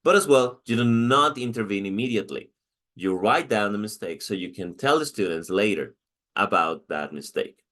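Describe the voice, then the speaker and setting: Lower-voiced Mexican man teaching a lesson. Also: expressive, normal speed, fairly bright tone. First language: Spanish. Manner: explanatory, with frequent restarts and "okay?" check-ins. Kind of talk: recorded lecture.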